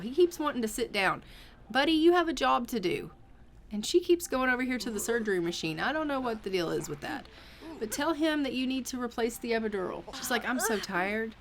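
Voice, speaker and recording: A woman with a slightly high, somewhat bright voice narrates her gameplay at a quick clip, expressive and chatty, acting out the characters' lines in running commentary. It's casual let's-play talk, with a little hiss or hum in the audio.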